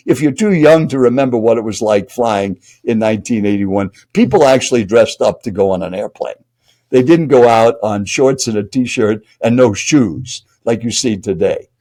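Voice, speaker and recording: A man's voice: medium pitch, dark tone. An older man, a speaking coach and guest, telling a dramatic story while speaking directly to the listener. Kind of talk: animated storytelling.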